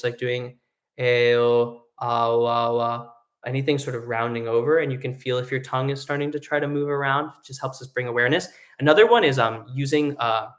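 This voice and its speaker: A man's voice: mid-range voice, a bit bright. A young adult man teaching a live online singing lesson, explaining casually with lots of fillers and sung vocal demonstrations.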